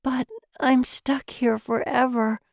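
A woman's voice: high-pitched, little pitch movement, takes it slowly, vocal fry, no echo, studio quality, pitched above the performer's own voice, heavily acted. A woman reading the lines of a wondering, homesick young woman in a storybook.

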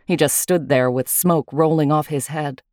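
A woman reading a first-person story aloud with a wry, lively manner. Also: low voice, normal speed, no echo, clean studio sound. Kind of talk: storytelling narration.

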